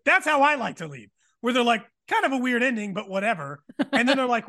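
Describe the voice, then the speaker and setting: A man co-hosting a podcast in easy, joking chat. He pokes fun at himself and laughs often. His voice sits high and swings widely in pitch. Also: big pitch swings, a little fast, bright, forceful tone. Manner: laughing, self-deprecating. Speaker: podcast co-host. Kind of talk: casual chat.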